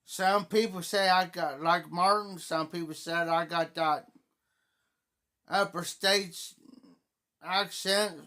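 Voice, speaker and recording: A man's voice: sits high, fairly even intonation, slow, long pauses, bright, forceful tone. A middle-aged man from Ohio with a southern Ohio Appalachian accent, hosting a livestream in a folksy, rambling casual chat and greeting viewers by name. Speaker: livestream host.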